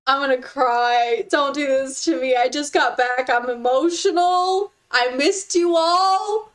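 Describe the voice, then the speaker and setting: A woman's voice: high-pitched, takes it slowly, few pauses. A young woman streaming a game, chatting with her viewers in an effusive, gushing and giggly way. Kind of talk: casual live-stream chat with viewers.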